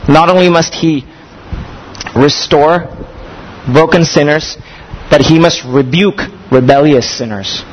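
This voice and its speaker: A man's voice: a little high, unhurried, muffled recording, a little hiss or hum. A man preaching a sermon as a pastor, earnest and emphatic, building in intensity. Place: church or seminar hall. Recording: echoey hall with faint ambience.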